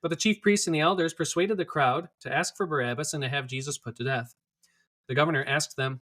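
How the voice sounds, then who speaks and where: A man reading scripture aloud in a steady, clear manner. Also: fairly high pitch, fairly quick. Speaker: scripture reader.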